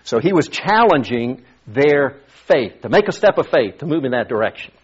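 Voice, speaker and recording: Male pastor, casual sermon delivery with restarts, slightly husky voice, dull lo-fi recording. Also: medium pitch, big pitch swings, moderate pace. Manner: conversational, repeats words while thinking. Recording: dull lo-fi sound.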